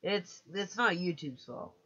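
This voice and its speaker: A man's voice: high voice, animated, unhurried, sharp tone, highs cut off. A man chatting casually on a live stream, hesitant and self-mocking, often restarting his sentences.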